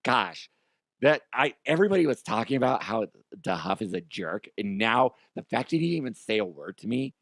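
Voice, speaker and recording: A man hosting a comedy news show with a hoarse, strained voice, talking in a profane, self-mocking monologue. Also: mid-range voice, very animated, a little fast, fairly bright tone, dry recording, clean studio sound.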